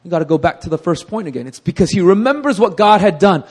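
A man's voice: sits high, expressive, fast, darkish tone, slightly rough. A middle-aged male pastor preaching with energy, often asking the congregation "right?" and laughing at himself. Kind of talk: sermon.

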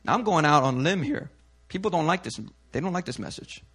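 Bright, high-voiced male pastor preaching. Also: fast talker, breathy edge. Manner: animated, conversational preaching with slang and asides. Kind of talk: sermon.

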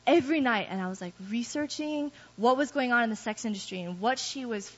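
Brief: woman, slightly high voice, candid self-deprecating church testimony, muffled lo-fi recording. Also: a little fast. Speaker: guest speaker giving testimony. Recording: dull lo-fi recording.

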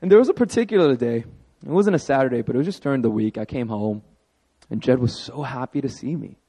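A man in his thirties preaching a sermon as pastor, telling a personal story with animated emphasis. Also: mid-range voice, quick pace, breathy edge.

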